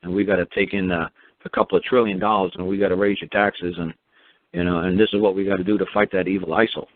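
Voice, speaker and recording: Deep-voiced sarcastic man on a phone line. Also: fairly even intonation, fast. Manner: sarcastic, mocking; meandering, with frequent repeats and fillers. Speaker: talk show host. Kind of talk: rambling monologue. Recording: narrow phone-like sound, dry.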